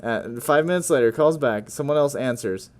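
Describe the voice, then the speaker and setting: A man's voice: mid-range voice, moderate pace, a little mellow. A man with a mid-range voice, chatting casually during a gaming session. He makes wry jokes and laughs often. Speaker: gamer and podcast co-host. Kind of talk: casual chat while playing a game.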